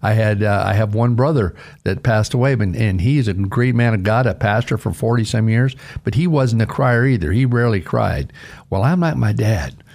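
An older man with a gravelly edge preaches a radio devotional. He talks earnestly and emphatically, lifting his voice on the points he wants to stress. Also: moderate pace, darkish tone. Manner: earnest, emphatic, pitch rising on key phrases. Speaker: radio pastor.

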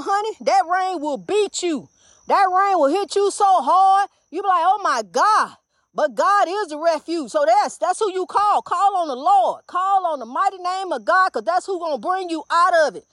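A woman's voice: very high voice, no room sound, studio quality. An older woman minister preaching fervently, repeating herself and calling her listeners honey. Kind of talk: inspirational preaching monologue.

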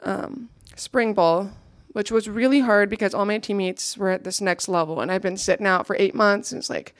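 A woman's voice: mid-range voice, normal speed, no room sound, studio quality. A young woman giving an earnest, reflective personal testimony to a gathering, now and then checking her notes.

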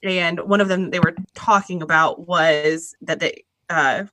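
A woman's voice: on the low side, steady tone, a little slow, sharp tone, no room sound. A woman co-hosting a casual movie podcast, playful and teasing, with lots of "like" fillers. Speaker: podcast co-host.

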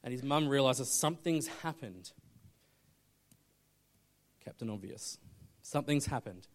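Aussie pastor guy preaching, gets loud then drops real quiet, telling a story. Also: medium pitch, expressive, measured pace. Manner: storytelling preacher, swings from loud urgency to hushed intensity. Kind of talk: sermon.

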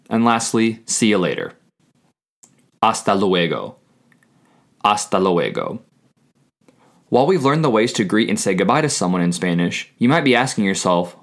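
A man hosting a podcast, teaching beginner Spanish in a scripted lesson and saying each phrase slowly twice. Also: lowish voice. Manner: slow, deliberate, repeats each phrase twice.

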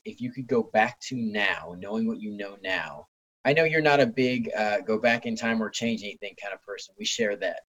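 A man interviewing a guest in a relaxed conversation, giving short encouraging replies. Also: medium pitch, breathy edge. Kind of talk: casual interview.

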